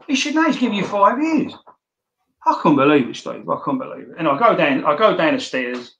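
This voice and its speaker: A middle-aged man tells his story plainly and bluntly, swearing freely and tripping over repeated words. His voice sits at an average pitch for a man. The room around him is roomy and echoing. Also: fairly bright tone. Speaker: interview guest. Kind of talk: casual storytelling. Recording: echoey room.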